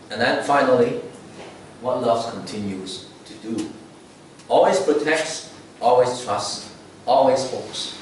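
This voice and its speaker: A man's voice: mid-range voice, a little hiss or hum. Man, lay preacher, chatty sermon, roomy reverb, distant mic. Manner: conversational, frequent "okay?" and "right?" tag questions. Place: church sanctuary. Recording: echoey church, mic far off.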